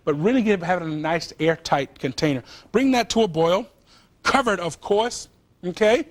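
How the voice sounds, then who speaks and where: A man's voice: sits high, moderate pace. A man hosting a TV cooking show, chatting and joking with the crew as he demonstrates recipes in a studio kitchen. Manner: chatty, animated, jokes with crew.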